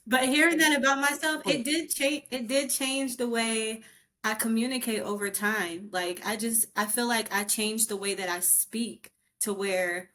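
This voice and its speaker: Bright-voiced woman telling her story. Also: a little high, steady tone, measured pace. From rural North Carolina. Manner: reflective, personal storytelling. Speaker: podcast co-host. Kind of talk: casual podcast discussion.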